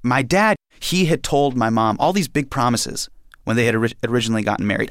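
Young male storyteller, from India, vocal fry, mid pitch, acts out every quote. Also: brisk, dry recording, studio quality. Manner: lively, animated retelling with acted-out quotes. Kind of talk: personal storytelling.

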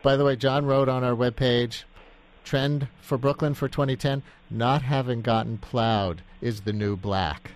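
A man hosting a live radio call-in show, brisk and chatty as he brings on callers. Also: medium pitch, steady tone.

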